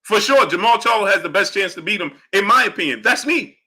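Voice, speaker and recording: A man's voice: high voice, animated, fairly quick, pushed and bright, breathy edge. A man hosting a live boxing stream, arguing with chatters and greeting them by name. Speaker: livestream host. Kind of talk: live chat boxing talk.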